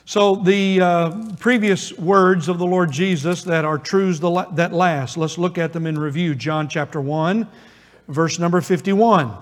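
Earnest preacher man in a reverberant church. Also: high voice. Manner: earnest, emphatic preaching with pauses. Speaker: pastor. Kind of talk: sermon. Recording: long reverb of a church hall.

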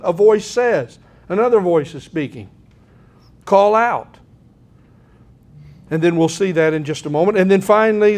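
A middle-aged man preaching a sermon in an earnest, folksy way, often clearing his throat. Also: on the high side, darkish tone. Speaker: pastor.

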